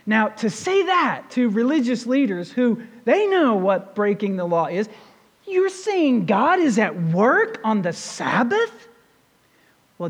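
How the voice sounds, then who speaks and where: A pastor preaching a sermon, retelling a scripture story in a conversational way and putting rhetorical questions to the congregation. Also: medium pitch. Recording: long reverb of a large hall.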